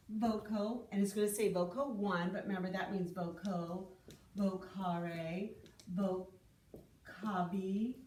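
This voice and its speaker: A woman's voice: medium pitch, darkish tone, distant mic, slight background noise. A woman teaching a Latin lesson at a whiteboard, patiently checking in with "okay?" after each step. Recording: echoey room with faint ambience.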